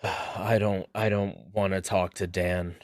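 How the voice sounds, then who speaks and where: Stammering low-voiced man player. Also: little pitch movement, dry recording, clean studio sound. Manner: halting, stammering. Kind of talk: in-character tabletop play.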